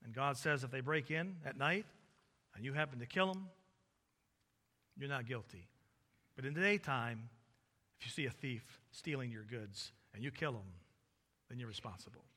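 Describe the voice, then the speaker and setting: A male preacher delivering a sermon, swinging between loud emphatic peaks and low quiet stretches in a repetitive preaching cadence. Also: expressive, normal speed, pauses often. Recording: long reverb of a large hall.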